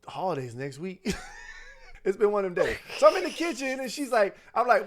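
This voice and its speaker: A young man co-hosting a faith podcast, chatting casually and telling lively stories with frequent laughter. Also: sits high, fairly quick. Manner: animated storyteller, laughs often. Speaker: podcast co-host.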